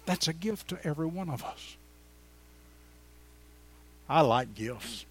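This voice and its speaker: Older man, seventies, preacher, folksy sermon, slightly high voice. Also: sing-song, measured pace, pauses often, breathy edge, dry recording. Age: 70s. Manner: folksy, chatty, swings between loud exclamations and quiet asides. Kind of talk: sermon with personal stories. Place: church before a congregation.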